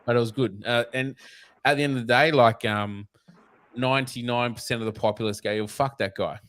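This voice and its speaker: A man's voice: medium pitch, steady tone, fairly quick, a bit bright, no echo. Blunt Australian man, dry close sound. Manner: blunt, profane, rambling anecdotes. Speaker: snake catcher guest. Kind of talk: casual storytelling interview.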